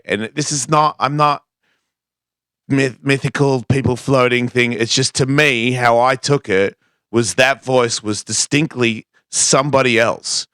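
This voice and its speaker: A man's voice: medium pitch, fairly even intonation, measured pace, a bit bright, clear, resonant tone, no echo, clean studio sound. A man telling a personal story on a talk show, acting out the voices he quotes. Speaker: guest skateboarder. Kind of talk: casual storytelling.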